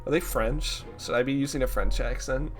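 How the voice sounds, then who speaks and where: A streamer casually commenting over a game in a self-deprecating, stammering way. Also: mid-range voice.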